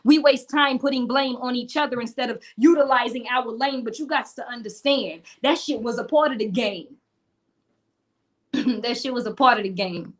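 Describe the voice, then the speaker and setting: A woman performing spoken word poetry with a rhythmic, rhyming delivery, blunt profanity and a preacherly way of addressing the crowd directly. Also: sits high.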